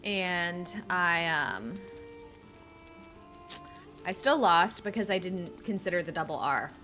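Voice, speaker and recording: A woman co-streaming a game, chatting casually in a soft-spoken, hesitant way that often trails off. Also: on the low side, animated, takes it slowly, soft background music. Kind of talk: casual gameplay chat.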